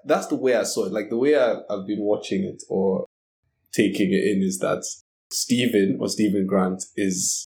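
A man chatting casually as a podcast guest, relaxed and hesitant, with many fillers. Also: lowish voice, moderate pace, vocal fry. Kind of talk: casual chat.

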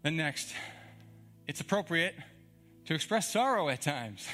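A man's voice: a little high, sing-song, moderate pace, long pauses, sharp tone, soft background music. Conversational young male pastor, emphatic. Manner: conversational, emphatic, frequent "like" and chuckles. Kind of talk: sermon.

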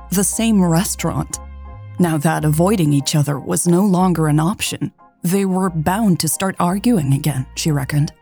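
A woman narrating a romance story in a calm, even audiobook style. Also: on the low side, vocal fry, husky.

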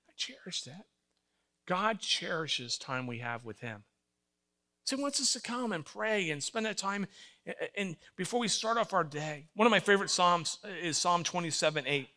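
A man's voice: sits high, moderate pace. An older man preaching a sermon, telling stories with emphasis and acting out voices. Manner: animated storytelling, acts out voices, emphatic. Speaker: pastor.

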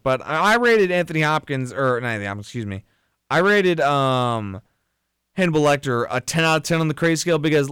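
A man co-hosting a casual film podcast, rambling with lots of restarts and addressing listeners as ladies and gentlemen. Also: on the high side, clear, resonant tone, dry recording, studio quality. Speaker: podcast co-host.

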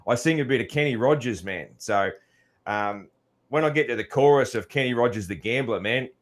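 Australian male podcast host, middle-aged, rambling and easygoing, mid-pitched. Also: normal speed. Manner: laid-back, rambling, laughs often. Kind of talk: casual chat.

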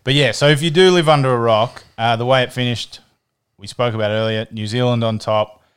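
A man's voice: medium pitch, fairly even intonation, brisk, smooth. A man co-hosting a sports podcast, chatting casually and often repeating words as he thinks. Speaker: podcast co-host.

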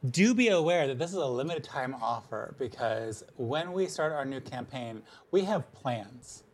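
A man's voice: medium pitch, animated, moderate pace. A playful man chatting casually as a tabletop podcast host. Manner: playful, jokey.

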